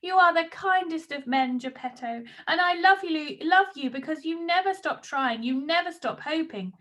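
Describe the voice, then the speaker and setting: A woman's voice: sits high, normal speed, a bit bright. A woman voicing a sad woodcarver's wife who longs for a son, speaking wearily. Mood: sorrowful. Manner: weary and sorrowful.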